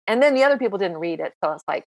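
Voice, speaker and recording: Woman, 60s, podcast guest, animated self-mocking storyteller, mid-pitched, dry sound. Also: racing, gravelly, dry recording. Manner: lively, self-mocking storyteller who acts out dialogue. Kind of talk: casual interview storytelling.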